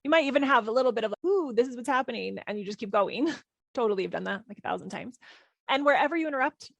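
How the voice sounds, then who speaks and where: A woman in her thirties hosting a parenting podcast, talking calmly and reflectively, gently repeating key phrases. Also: fairly high pitch, fast talker, gravelly, no room sound. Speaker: parenting coach and podcast host. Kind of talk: reflective solo podcast talk.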